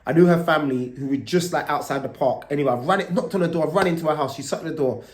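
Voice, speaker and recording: A vlogger talks to his camera, telling a story loosely and casually while swearing freely and tacking "right?" onto his lines. He speaks fast in a slightly high voice, and the sound is reverberant.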